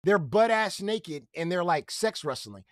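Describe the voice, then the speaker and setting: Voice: mid-range voice, expressive, a little slow, dry recording, studio quality. A stream reactor giving crude, laughing commentary on a clip.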